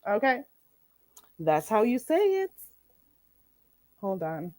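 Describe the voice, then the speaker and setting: A woman with a Jamaican accent teaching Patois phrases on a casual live stream, animated and laughing often. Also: mid-range voice, slow pace, no room sound, studio quality. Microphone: streaming setup microphone.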